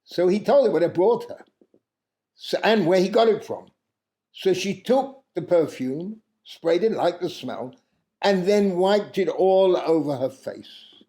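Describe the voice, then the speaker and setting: A man telling a traditional tale aloud in an unhurried way, pausing often and stopping now and then to correct himself. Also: sits high, animated, dark tone. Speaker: storyteller. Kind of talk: oral storytelling of a traditional tale.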